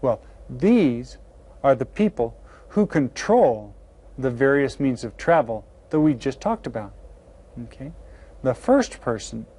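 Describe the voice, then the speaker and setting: A man teaching a beginner language lesson to children, slowly and patiently sounding out each word. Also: mid-range voice, sing-song, warm tone, husky. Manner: slow, patient, carefully sounds out words. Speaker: Spanish teacher. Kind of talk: classroom video lesson.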